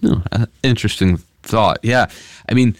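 A man's voice: on the low side, normal speed, dry recording, clean studio sound. A man who is a pastor, explaining scripture in an earnest, conversational Bible study discussion. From United States. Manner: earnest, explanatory, restarts phrases often.

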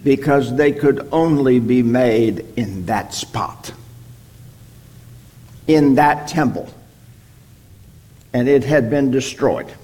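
Slow, deliberate male Bible teacher. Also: mid-range voice, warm tone. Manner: slow, deliberate, checks in with "okay?".

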